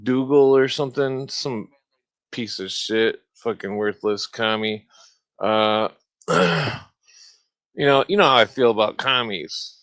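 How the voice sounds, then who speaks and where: A man's voice: medium pitch, takes it slowly, a bit bright. Profane rambling man ranting on a podcast. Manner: profane, meandering, full of filler and throat-clearing; mocking sneer when imitating opponents. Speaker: podcast host. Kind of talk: rambling solo rant.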